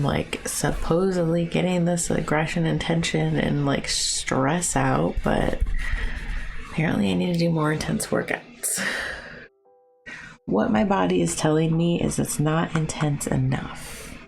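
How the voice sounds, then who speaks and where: A woman in her thirties paints on a live stream, chatting casually with viewers in a low, somewhat slow, creaky voice. Chatty and self-mocking, she talks to chat between brushstrokes while soft music plays.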